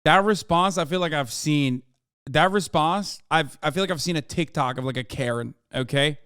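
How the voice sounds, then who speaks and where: A man streams his reactions to a clip, talking bluntly and swearing freely as he riffs. His voice is smooth and sits a little high for a man. The sound is close and dry. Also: normal speed, bright, forceful tone, dry recording. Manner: blunt, profane, riffing. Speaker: streamer host. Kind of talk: casual reaction commentary.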